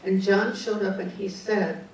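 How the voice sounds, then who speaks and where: Mellow-voiced woman telling a story in an echoey hall. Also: medium pitch, level tone, measured pace, a little hiss or hum. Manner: conversational, frequent "okay" asides and restarts. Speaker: conference speaker, psychic. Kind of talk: storytelling talk. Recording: distant echoey hall mic.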